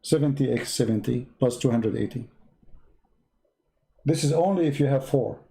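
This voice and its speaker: Medium in pitch with vocal fry and a dark tone, the male host speaks at a moderate pace. He is a native Arabic speaker with an Arabic accent, sarcastically commenting on religion in broken English, using broken grammar and repetitive counting.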